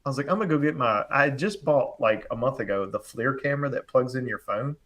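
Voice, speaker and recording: Animated storytelling man. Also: mid-range voice, fast talker. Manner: animated storyteller acting out quoted voices. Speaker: HVAC contractor, show regular. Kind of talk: casual storytelling on a live panel show.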